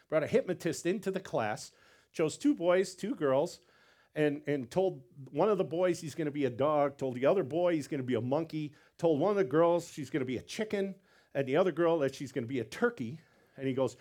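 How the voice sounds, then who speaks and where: A man preaching a sermon as pastor, animated, repeating words and acting out quotes. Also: fairly high pitch.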